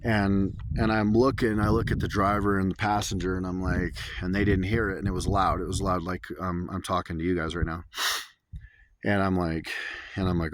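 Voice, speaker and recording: Low, flat-voiced man outdoors. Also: moderate pace. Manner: rambling, earnest retelling with many restarts. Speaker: vlogger. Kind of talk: casual storytelling to camera. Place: outdoors under an open sky. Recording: loud background noise outdoors.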